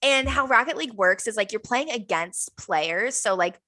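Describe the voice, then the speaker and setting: A young woman, co-hosting a casual podcast and telling an animated story, acting out the other people's lines. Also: fairly high pitch, moderate pace, no echo. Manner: animated storytelling, acts out quoted dialogue. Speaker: podcast co-host. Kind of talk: casual chat.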